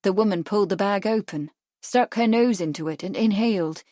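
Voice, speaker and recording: A woman narrating a mystery audiobook in a calm, measured reading. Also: mid-range voice, no echo, studio quality. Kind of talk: scripted narration.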